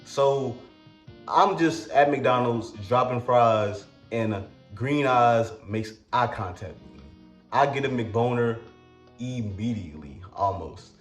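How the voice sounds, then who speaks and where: A man telling a comic personal story in a casual, crude, slangy way with halting restarts. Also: mid-range voice, reverberant.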